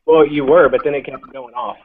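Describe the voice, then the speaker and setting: A man chatting casually on a live video call, joking and laughing between quick directions. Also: on the high side, fairly even intonation. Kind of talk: casual chat. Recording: phone-like video call line, faint noise.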